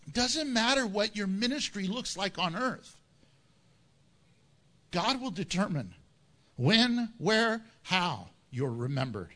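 Man, pastor, sermon, high voice, bright tone, jokey, acts out quotes. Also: big pitch swings, slow pace, pauses often.

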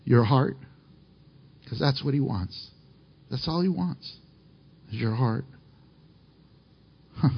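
A man preaching a sermon, reading scripture aloud and swinging between fervent highs and hushed, emotional lows. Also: animated, slow pace, creaky, pauses often, slightly rough, lo-fi sound. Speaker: pastor.

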